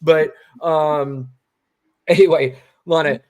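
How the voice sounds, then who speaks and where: A man co-hosting a podcast, giving casual political commentary in an animated, emphatic way and swearing freely. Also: fairly high pitch, slow. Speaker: podcast co-host.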